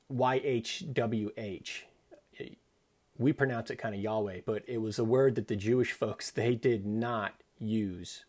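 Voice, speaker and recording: A man giving an earnest, reflective devotional talk and softly quoting God's words. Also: mid-range voice. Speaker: Christian speaker.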